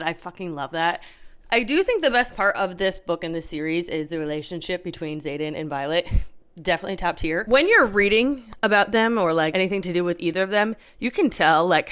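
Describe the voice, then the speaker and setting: A woman's voice: lowish voice, fairly bright tone, slight background noise. A young woman vlogging at home about her reading, chatty and casual, swearing freely and laughing often. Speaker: book vlogger. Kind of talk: casual reading vlog chat.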